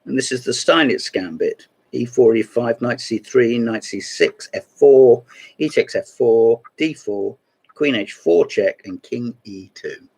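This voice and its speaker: A man's voice: mid-range voice, measured pace, a little mellow, husky, low-quality recording. A man hosting a casual show-and-tell video series, talking in a rambling way with wry asides. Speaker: host of a chess book video series.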